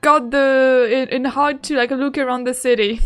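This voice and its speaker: A woman streaming a game playthrough, excitable and giggly, talking loosely with lots of fillers. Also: sits high, moderate pace, clear, resonant tone, faint music behind.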